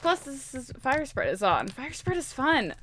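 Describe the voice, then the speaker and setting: Young woman gamer, high-pitched and bright, casual rambling commentary, faint noise behind. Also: big pitch swings, measured pace. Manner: chatty, rambling, giggly. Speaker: gaming YouTuber.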